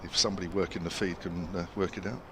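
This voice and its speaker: A man calls a cricket match live from an outdoor ground, his voice sitting fairly low. He talks in a chatty way, tossing asides to his partner between deliveries. There is audible noise over the outdoor broadcast audio. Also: fairly even intonation, fast talker. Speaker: cricket commentator. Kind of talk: live sports commentary.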